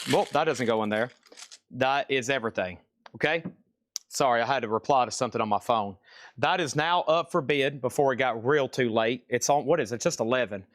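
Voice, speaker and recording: A man hosting a live-streamed vinyl record sale, briskly listing records and prices and apologizing for delays. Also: medium pitch, a bit bright, no room sound, studio quality.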